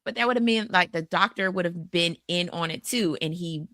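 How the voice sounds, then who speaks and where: Animated woman with a lowish voice. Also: normal speed, dry recording, studio quality. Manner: animated, restarts often, acts out quotes. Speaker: podcast co-host. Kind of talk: casual horror film discussion.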